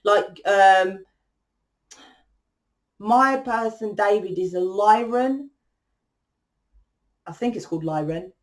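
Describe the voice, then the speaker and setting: A woman's voice: mid-range voice, takes it slowly, long pauses. A young woman talking straight to her viewers in a loose, rambling way. She circles back on her points and drops in casual swearing as she goes. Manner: rambling, chatty, swears freely. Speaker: spiritual channel host. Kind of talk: casual monologue.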